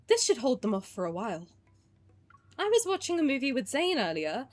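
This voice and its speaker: A woman's voice: on the high side, huge pitch swings, normal speed. A young woman streamer chatting casually while playing, sarcastic and swearing freely. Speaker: game streamer. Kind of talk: casual gameplay commentary.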